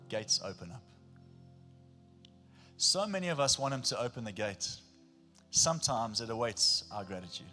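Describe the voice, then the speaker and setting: A male pastor with a South African accent preaching a sermon, telling stories with animation and swinging between a hush and a shout. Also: medium pitch. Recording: long hall reverb with faint music.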